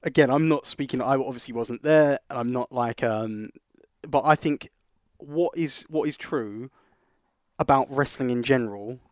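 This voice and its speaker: Teasing podcast co-host. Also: male voice, mid-range voice, normal speed, dry recording, clean studio sound. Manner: teasing, chatty interjections. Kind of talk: casual chat, reading listener questions.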